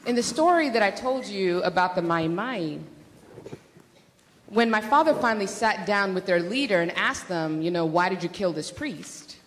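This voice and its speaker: A woman giving a measured lecture in a lecture hall and repeating phrases for emphasis. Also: medium pitch, animated, a bit bright, slight background noise. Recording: reverberant hall.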